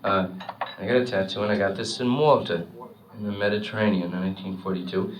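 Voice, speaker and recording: With a low, steady voice and a fast delivery, a thirtysomething male comic rambles through a stand-up story in a chatty way, sprinkling in plenty of "you know." The live recording is old, noisy, and distant.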